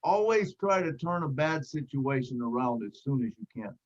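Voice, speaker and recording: A man on a video call telling a lively sales story, acting out the voices of the people in it. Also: medium pitch, normal speed, dull audio. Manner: animated storyteller who acts out quotes. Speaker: sales team member sharing a story.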